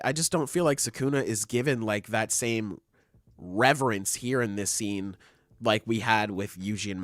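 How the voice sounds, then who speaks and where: A man's voice: medium pitch, dry recording, studio quality. A young man co-hosting a podcast, talking casually and animatedly, acting out character quotes and saying "like" a lot. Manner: animated, acts out quotes in voices, says like a lot. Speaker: podcast co-host. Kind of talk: casual chat.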